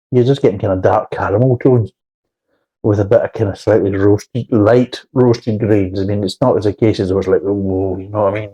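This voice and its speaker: A man talks through a beer review in a blunt, rambling way, swearing freely. His voice is mellow and dark, with a husky edge. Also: fairly low pitch, lo-fi sound. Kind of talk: casual spoken review.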